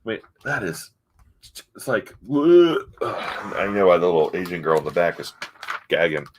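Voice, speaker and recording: A man's voice: deep voice, a little fast, a little hiss or hum. A man casually reviewing comic books, rambling with many fillers and restarts.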